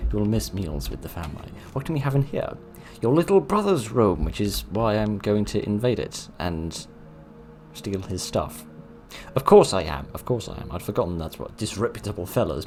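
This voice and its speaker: A man's voice: lowish voice, darkish tone. A young man commentating his own game playthrough in a wry, self-mocking way. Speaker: let's play host. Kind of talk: gaming commentary.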